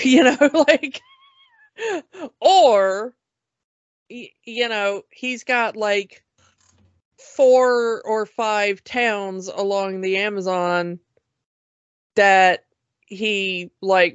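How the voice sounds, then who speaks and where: A woman's voice: mid-range voice, very slow, pauses often, clear, resonant tone, dry recording. A woman chatting casually about a movie as a podcast co-host, laughing often and acting out silly quotes. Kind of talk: casual movie review chat. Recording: dull lo-fi dry sound.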